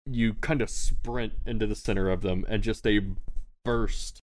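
A man's voice: on the low side, steady tone, a little slow. A man narrating a tabletop game as game master, casual and laughing often, swearing freely.

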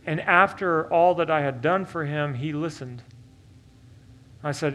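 Pastor guy from oklahoma preaching a story, bit high voice, goes loud then hushed, faint music behind. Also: unhurried. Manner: animated, swings from loud to hushed and earnest. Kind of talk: storytelling sermon.

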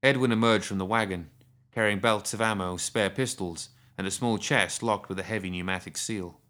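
A man narrating a story with a low voice. His reading is steady and measured. He paces each sentence evenly.

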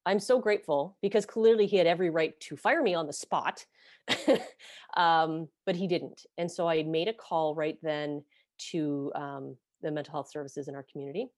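Frank low-voiced woman, swearing freely. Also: steady tone, normal speed, dry recording, studio quality. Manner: blunt, swears freely, self-deprecating. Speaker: podcast host being interviewed. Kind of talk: candid personal storytelling.

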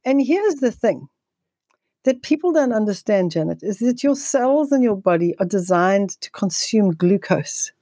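A woman guest speaking on nutrition in an interview, telling stories in a quick, energetic way with frequent restarts. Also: mid-range voice, no room sound. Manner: fast, energetic, with frequent restarts and repeated words. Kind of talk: conversational storytelling interview.

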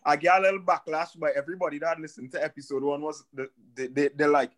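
A man's voice: on the high side, flat delivery, quick pace, hardly any pauses. A man from the Caribbean with a Caribbean accent, co-hosting a casual podcast over a video call, playful and laughing. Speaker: podcast co-host. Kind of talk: casual chat.

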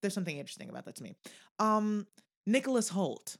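A woman co-hosting a podcast, thinking out loud about film casting in a musing, playful way. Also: mid-range voice, big pitch swings, fast, gravelly. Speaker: podcast co-host.

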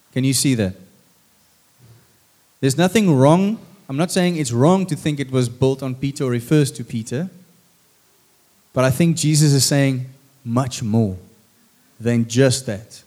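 A man preaching a sermon in church, who tells the story with drama and acts out the lines. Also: mid-range voice. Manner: lively and dramatic, acting out lines. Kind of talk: sermon with acted scripture. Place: church stage with a congregation.

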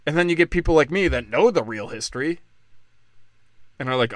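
A man delivering a profane, sarcastic political rant, swinging between loud outbursts and low muttering. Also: expressive, a little fast, dry recording. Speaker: political commentator.

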